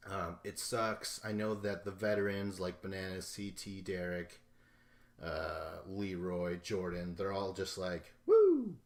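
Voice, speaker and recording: A man's voice: sits low, flat delivery, measured pace. A young man hosting a casual solo recap podcast, rambling and swearing, laughing often and acting out imagined dialogue. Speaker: podcast host.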